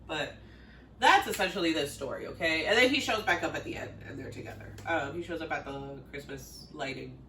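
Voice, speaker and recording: A woman's voice: fairly low pitch, pushed and bright, roomy sound, distant mic, a little hiss or hum, poor audio. A woman vlogger retelling a movie plot in casual, filler-heavy chat, acting out the characters' lines as she goes. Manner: chatty, filler-heavy, acts out characters in quotes. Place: home, fridge running nearby.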